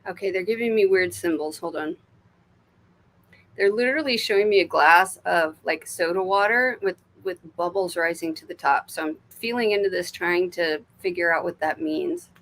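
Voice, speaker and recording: A woman's voice: fairly low pitch, moderate pace. Chatty American woman giving psychic readings. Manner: chatty, warm-hearted, laughs often, swears freely; drops to murmurs and whispers when asking spirit. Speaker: intuitive reader. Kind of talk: live-streamed psychic card reading.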